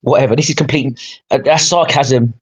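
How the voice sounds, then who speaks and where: A man's voice: mid-range voice, fairly even intonation, brisk, husky, low-quality recording. A man hosting, reacting to a clip with exasperated, sarcastic rants and frequent swearing. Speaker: podcast host. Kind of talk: heated reaction commentary.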